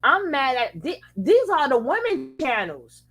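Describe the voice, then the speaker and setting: A woman's voice: high voice, very animated, measured pace, fairly bright tone, poor audio. A woman hosting a reaction commentary, speaking angrily with cursing and restarted phrases. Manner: angry, profane, restarts phrases. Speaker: reaction channel host.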